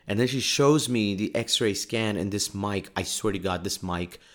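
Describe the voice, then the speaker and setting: Man, podcast host, lowish voice, chatty, self-deprecating, laughs a lot. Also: moderate pace. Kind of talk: casual storytelling monologue. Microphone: podcast microphone.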